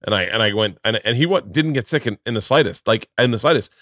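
A man's voice: on the low side, expressive, fast, a bit bright, dry recording, studio quality. A man hosting a podcast, chatting casually and telling stories with emphatic, loose phrasing. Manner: loose, emphatic storyteller with repeated restarts. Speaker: podcast host.

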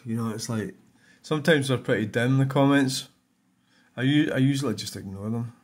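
A man's voice: medium pitch, moderate pace. An older man with a Scottish accent rambles through a channel update in an ordinary mid-range voice. He mutters along in a loose, offhand way and swears bluntly whenever something annoys him. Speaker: YouTuber giving a channel update. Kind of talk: casual rambling chat.

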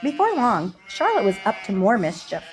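Brief: expressive woman narrator for a picture book, lively delivery, soft music under. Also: medium pitch, normal speed. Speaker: storyteller. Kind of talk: children's storybook read-aloud.

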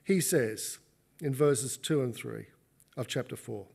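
A man with an Australian accent preaching a sermon in an animated, conversational way. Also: medium pitch, takes it slowly, vocal fry, breathy edge. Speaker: pastor.

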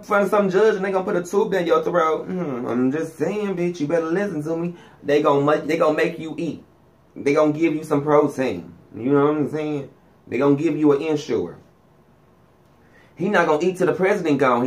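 A man, giving a profane, sassy gossip monologue as a vlogger, swinging his pitch up and down for emphasis.

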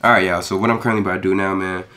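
A young man in his twenties vlogging casually to camera at home, talking fast and rushing his words in loose, slangy speech. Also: low-pitched, fairly even intonation, heavy background noise. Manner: loose, slangy, peppered with "you feel me". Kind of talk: casual vlog chat to camera.

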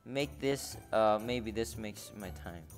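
Man, gamer commentary, unhurried delivery, excitable and jokey, faint background music. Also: fairly low pitch. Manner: excitable, jokey, laughs and swears often. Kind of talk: casual gameplay commentary.

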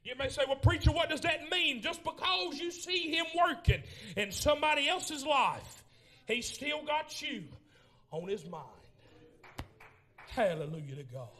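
A man preaching a Pentecostal sermon in a church, swinging from shouted lines to low murmurs as he tells the story. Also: expressive, a little slow. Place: church sanctuary.

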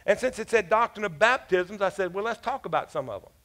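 A man's voice: high voice, animated, fast, a bit bright. A man pastor preaching a sermon in a casual, joking storytelling manner, with asides to the congregation. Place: church.

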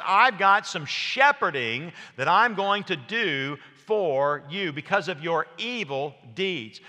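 A man's voice: on the high side, bright, forceful tone, long reverb tail. A man preaching a sermon in a church, folksy and anecdotal, with frequent fillers and restarts. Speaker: pastor. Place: church sanctuary.

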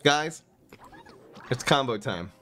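A man giving casual, excitable commentary while playing a card video game, breaking into sudden exclamations. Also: medium pitch, slow, faint music behind. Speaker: gaming YouTuber.

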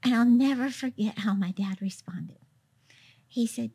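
A woman in her fifties telling a heartfelt testimony in conversation, softly acting out the words of others as she tells it. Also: on the high side, a little slow, husky. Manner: emotional storytelling, acts out quoted dialogue softly. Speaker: guest, minister.

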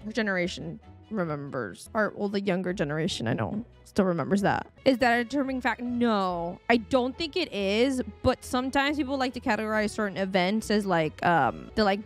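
A woman in her thirties chatting casually to viewers as a gaming streamer, rambling and talking to chat as she plays. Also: mid-range voice. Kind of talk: casual gameplay commentary. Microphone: desk microphone.

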